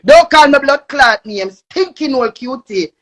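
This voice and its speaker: A young woman with a Jamaican accent ranting angrily on a live stream, cursing and shouting. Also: sits high, expressive, a little slow. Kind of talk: angry live-stream rant.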